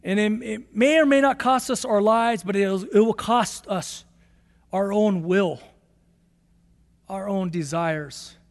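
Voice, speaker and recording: High-voiced pastor preaching with emphasis. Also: male voice, slow pace, long reverb tail. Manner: emphatic, repeats key phrases, rising to bursts of excitement. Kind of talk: sermon.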